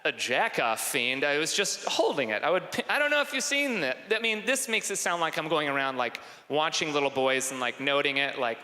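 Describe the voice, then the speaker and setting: A man doing stand-up comedy with crowd work, animated and self-mocking, on stage before an audience. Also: on the high side, a little fast, few pauses. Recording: echoey hall, live stage.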